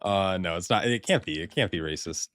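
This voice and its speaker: Low-voiced guy streaming a game, laughs a lot, trips over his words, dry close sound. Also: a little fast, no echo. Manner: excitable, swears, laughs often, stammers when surprised. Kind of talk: casual game stream chat.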